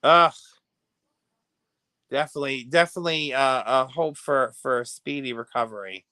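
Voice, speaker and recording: An American man gossips and reacts to viewer comments on a casual livestream he hosts, laughing often and moving between soft asides and loud bursts. He speaks at a moderate pace in a medium pitch, with no room sound.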